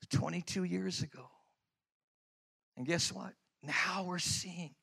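Middle-aged man, high-pitched; pastor preaching a story-driven sermon, emphatic then hushed. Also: slow pace, vocal fry, pauses often, breathy edge. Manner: storytelling, swings from loud emphatic lines to hushed prayerful ones.

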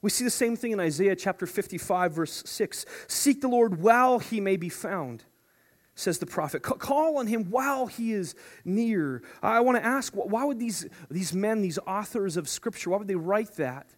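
High-voiced animated male preacher. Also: moderate pace. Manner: animated, playful, swings from hushed to shouting. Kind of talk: sermon.

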